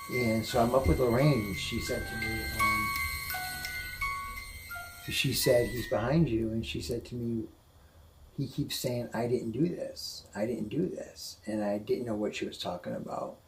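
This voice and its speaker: A man, a guest on the show, telling an emotional personal story indoors, halting and repeating himself when upset. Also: mid-range voice, music in the background, poor audio. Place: indoors at a house museum.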